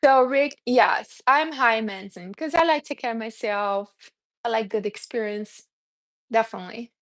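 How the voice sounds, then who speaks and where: Animated woman with a non-native English accent. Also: fairly high pitch, normal speed. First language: not English. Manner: animated, calls listeners honey. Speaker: self-help speaker. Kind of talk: casual motivational talk.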